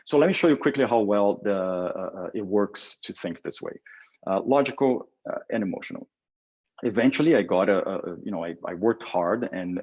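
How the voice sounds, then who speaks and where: A man who is an agency creative director, giving an energetic motivational talk. He restarts often and acts out both sides of imagined phone calls. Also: low voice, lo-fi sound. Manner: halting, with many restarts and fillers.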